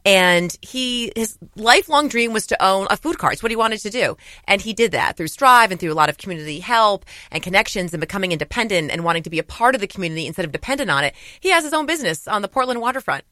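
A woman's voice: medium pitch, lively intonation, bright, forceful tone, no room sound, clean studio sound. A middle-aged woman, a television journalist, chatting enthusiastically as a guest and telling stories. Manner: enthusiastic, quick storyteller. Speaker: television journalist and show host. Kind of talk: casual interview chat.

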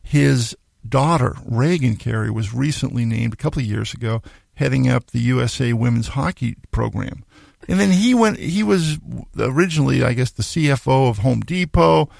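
Middle-aged male host, gravelly fry, dry close sound, chatty storyteller. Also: medium pitch, animated, moderate pace, darkish tone, no echo. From Maine. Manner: storytelling, acting out quoted voices, laughs. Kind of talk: casual interview chat.

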